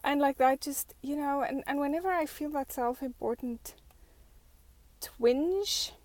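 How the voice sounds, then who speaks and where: A fairly high-voiced woman vlogger muses out loud in an unhurried, reflective monologue. She talks slowly, full of "like" and "you know," and often restarts her sentences. The sound is dry and close, with no room echo. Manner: thoughtful, many fillers and restarts.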